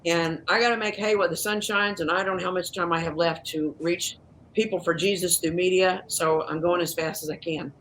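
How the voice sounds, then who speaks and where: Appearing as a guest on a video call interview, a documentary producer in her sixties tells stories with emphatic, evangelical fervor, animated throughout. Her voice sits on the low side and runs fairly quick, with slight background noise.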